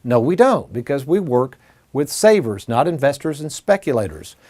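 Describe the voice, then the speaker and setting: A man's voice: medium pitch, big pitch swings, moderate pace, a little mellow. A man hosting a finance show, explaining retirement math at a whiteboard in a folksy way, calling his audience folks and asking rhetorical questions. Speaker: financial advisor and show host.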